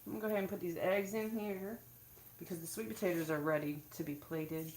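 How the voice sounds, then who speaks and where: A woman's voice: on the low side, fast talker. Chatty woman cooking in her kitchen. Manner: chatty, addresses viewers as y'all. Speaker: cooking vlogger. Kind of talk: casual live cooking chat. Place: home kitchen. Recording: frying noise behind voice. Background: sizzling frying food.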